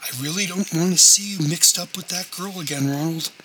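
A reproachful, nagging mother with a raised, slightly lifted voice, as a male reader puts her on. She scolds her grown son in a bright, edgy tone and piles on guilt with every sentence. A faint hiss sits under the reading. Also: high-pitched, a little fast, voice pushed up, poor audio.

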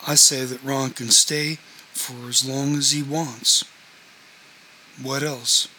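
A man's voice: mid-range voice, flat delivery, takes it slowly, pushed and bright, a little hiss or hum, low-quality recording. A man reading a novel aloud, voicing a stubborn man who answers curtly and with scorn. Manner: curt, scornful.

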